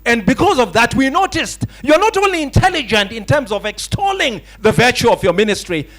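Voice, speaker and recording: At a banquet hall awards night, a male master of ceremonies delivers a humorous speech in ornate, grandiloquent language with a playful storytelling flair. His voice is very high-pitched and very animated, moving briskly with a fairly bright tone.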